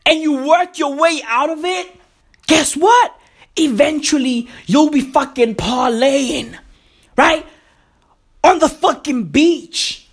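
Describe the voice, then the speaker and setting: A woman's voice: high voice, slow pace. A woman delivering a profane comic rant, emphatic and repetitive, swearing heavily and calling the listener "bro".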